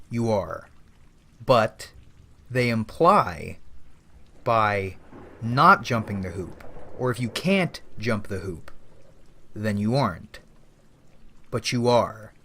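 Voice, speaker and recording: Slow-talking man musing aloud. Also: on the low side, a bit bright. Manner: addresses listeners as "boys", casual swearing. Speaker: channel host. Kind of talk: rambling reflective monologue.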